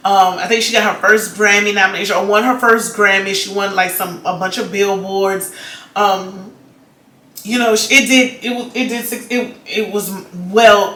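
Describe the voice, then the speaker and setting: Woman vlogger, casual rambling chat, sharp bright tone, roomy echo. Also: mid-range voice. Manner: chatty, rambling, many "like"s and restarts. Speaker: vlogger reviewing a documentary.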